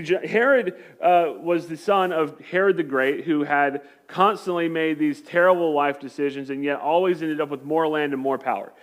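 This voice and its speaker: A male pastor preaching in a conversational style, hammering his points home with emphatic repetition. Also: a little high. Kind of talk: sermon.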